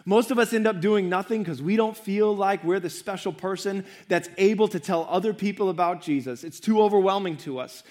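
A man's voice: high voice, a little fast, hardly any pauses, a little mellow. Earnest man preaching a sermon. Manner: earnest, repetitive preaching with rising emphasis. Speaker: pastor. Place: church.

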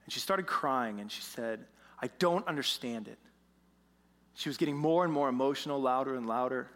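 A pastor telling a story in a sermon, animated, moving between hushed moments and emphatic ones. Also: male voice, medium pitch, brisk. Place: church sanctuary. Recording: long church reverb.

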